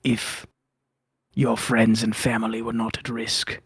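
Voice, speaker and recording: A man voicing an ancient, bitter male spirit of death and rot, speaking slowly in a hushed half-whisper. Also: mid-range voice, monotone, vocal fry, slightly rough, dry recording, heavily acted. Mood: menacing.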